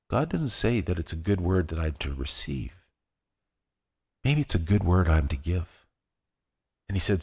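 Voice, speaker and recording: Pastor guy preaching, lowish voice, storytelling with lots of restarts, long echo of a church hall. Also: a little mellow, slightly rough. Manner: personal storytelling with many restarts. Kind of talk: sermon. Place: church sanctuary.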